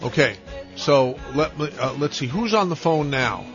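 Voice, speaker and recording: A man's voice: on the high side, expressive, normal speed, music in the background. A man hosting a call-in radio show, rambling and fumbling in a jokey way. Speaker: radio host. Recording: slightly dull, lo-fi sound.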